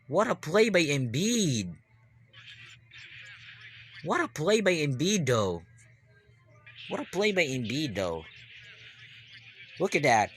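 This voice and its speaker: A man giving live basketball reaction commentary, rambling and repeating himself, then bursting into excited yells. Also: medium pitch, takes it slowly, long pauses, soft background music.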